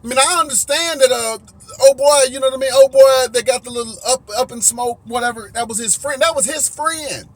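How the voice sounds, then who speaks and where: A man's voice: very high voice, steady tone, brisk, no room sound. A middle-aged man giving a heated, preachy opinion monologue, swearing and restarting as he makes his points. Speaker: commentary vlogger.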